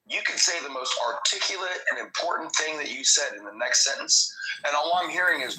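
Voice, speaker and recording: A man's voice: fairly high pitch, lively intonation, brisk, sharp tone, poor audio. A man from Georgia in the US chatting casually on a podcast, blunt and profane, telling stories with animation. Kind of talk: casual chat.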